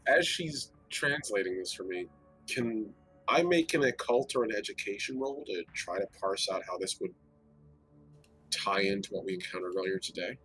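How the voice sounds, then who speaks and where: A man's voice: on the low side, animated, normal speed, a bit bright, faint music behind. A man playing a tabletop game, thinking aloud in a loose, chatty way. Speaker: player. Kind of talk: casual tabletop game talk.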